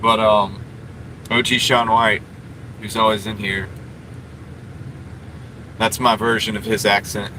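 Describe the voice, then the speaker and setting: A man's voice: lowish voice, level tone, takes it slowly, pauses often, bright, forceful tone, a little hiss or hum, low-quality recording. A man livestreaming from inside a parked car, chatting casually with his viewers and rambling with lots of fillers. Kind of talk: casual live stream chat reading comments.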